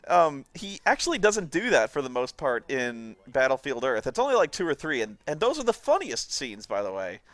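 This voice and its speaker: A man rambles through a casual commentary, laughing often between thoughts. His pitch swings widely as he tells stories, with a bright, forceful edge. The sound is dry, with no room around it. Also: a little fast, hardly any pauses, dry recording. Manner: rambling, laughing, lively storytelling.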